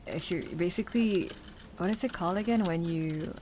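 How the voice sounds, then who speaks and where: A woman's voice: on the low side, moderate pace, dark tone, a little hiss or hum. Chatty rambling woman streamer. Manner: chatty, rambling, laughs often. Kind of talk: casual chat while gaming.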